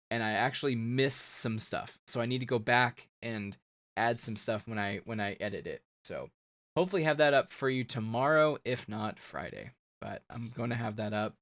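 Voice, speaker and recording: A man's voice: mid-range voice, a bit bright. Chatty man hosting a live stream. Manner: loose, ranting, laughing, talks to chat. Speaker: comics show host. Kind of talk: casual live-stream wrap-up.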